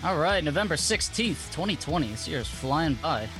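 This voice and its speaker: A man's voice: fairly high pitch, sing-song, normal speed, over music. A man co-hosting a racing talk show, upbeat and teasing, laughing often in casual chat.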